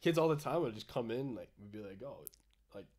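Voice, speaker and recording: A man's voice: medium pitch, lively intonation, a crowd in the background. A young man, a former college ballplayer, talking casually as a podcast guest with lots of fillers. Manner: fast, filler-heavy, says like constantly. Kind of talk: casual chat.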